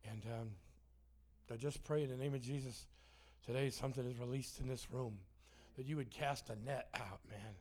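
A man's voice: mid-range voice, steady tone, moderate pace, a little mellow. Guy preaching in church, cracks jokes at himself, trips over his words a lot. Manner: joking, self-deprecating, prone to restarts. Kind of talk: sermon with humor. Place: church sanctuary.

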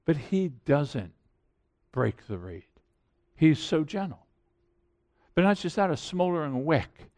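A man's voice: fairly high pitch, sing-song, slow, long pauses, a little mellow. A middle-aged man preaching a sermon in an earnest, conversational way, building to emphatic points. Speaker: pastor.

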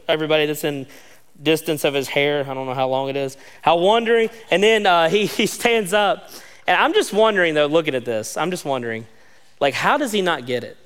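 A man preaching a sermon in a casual, animated way, full of "like" asides, acting out the quotes he reads. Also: a little high, smooth. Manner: conversational, animated, many "like" asides, acts out quotes. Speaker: pastor. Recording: long reverb of a large hall.

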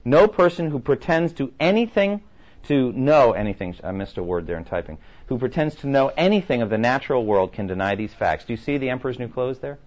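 A man's voice: mid-range voice, lively intonation, brisk, a little mellow. A man teaching a class who reads quotes aloud and keeps asking his listeners rhetorical questions. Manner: emphatic, with many rhetorical questions. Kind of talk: lecture with read-aloud quotes. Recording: muffled lo-fi recording.

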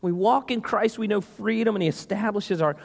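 High-voiced emphatic preacher in a reverberant hall. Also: male voice, brisk, gravelly. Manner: emphatic, repetitive preaching with calls to the church. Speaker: pastor. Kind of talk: sermon. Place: church sanctuary. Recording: long reverb of a church hall.

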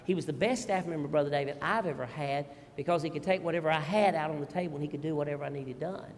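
A middle-aged man preaches, spinning homespun family stories and tossing asides to the congregation. His voice sits high for a man. The sound carries the long reverb of a hall. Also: fast talker. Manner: folksy, animated storytelling with audience asides. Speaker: pastor. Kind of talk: storytelling sermon.

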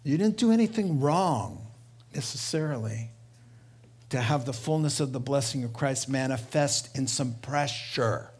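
A middle-aged man preaching a sermon as pastor, telling stories with lively voiced quotes and laughter. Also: mid-range voice, measured pace, breathy edge.

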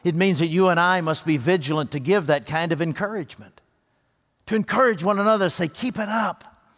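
A man preaching a sermon as pastor, earnest and emphatic, slowing down and lifting his voice for the words he quotes. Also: fairly high pitch, a bit bright, long reverb tail.

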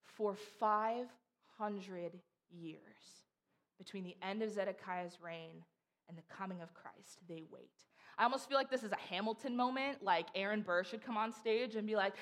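A woman's voice: mid-range voice, normal speed. Chatty young woman giving a sermon. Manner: chatty and animated, acts out voices in stories. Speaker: preacher. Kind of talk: casual sermon.

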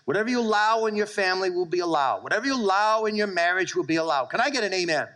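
A middle-aged male pastor preaching a sermon, telling animated stories and calling for amens from his church. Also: high voice, rapid-fire, poor audio.

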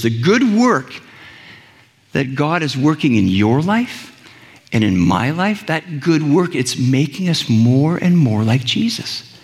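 Male pastor, slightly high voice, earnest conversational sermon, long hall reverb. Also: big pitch swings, slow pace, slightly rough. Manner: earnest, conversational preaching with many restarts.

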